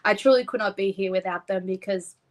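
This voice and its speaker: A woman's voice: medium pitch, brisk, low-quality recording. A young woman with an Australian accent, talking earnestly and at length as an interview guest. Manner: earnest, heartfelt, rambling. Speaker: pageant winner guest. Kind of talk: casual interview chat.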